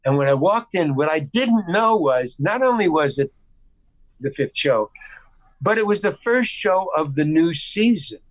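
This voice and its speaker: Man from the United States, lively storyteller, slightly high voice, dry sound, video call interview. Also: measured pace, dry recording, rough recording. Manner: animated anecdote-telling with restarts and acted-out quotes. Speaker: guest actor.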